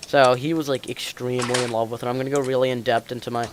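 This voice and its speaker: A teenage boy hosts a casual online podcast, rambling and joking with friends and laughing often. He speaks quickly in a flat, medium-pitched voice, with faint hiss and keyboard clicks in the recording.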